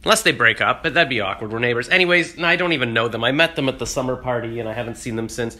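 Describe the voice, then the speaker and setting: A man's voice: mid-range voice, very fast, sharp tone. A man rambling through a jokey, self-deprecating casual vlog. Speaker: vlogger.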